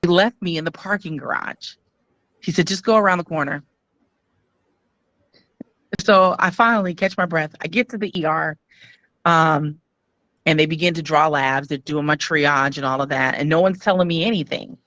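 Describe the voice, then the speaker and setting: A woman guest frankly recounting her own experience in an interview, pausing often with "um". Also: deep voice, fairly bright tone, no room sound, lo-fi sound. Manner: earnest, frank, many "um" pauses. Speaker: guest telling her story. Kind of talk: candid personal storytelling.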